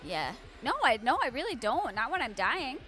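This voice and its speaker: A young woman playing a co-op game, excitable, gasping and squealing at the scares. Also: fairly high pitch, moderate pace, faint music behind. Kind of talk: casual co-op gameplay chat.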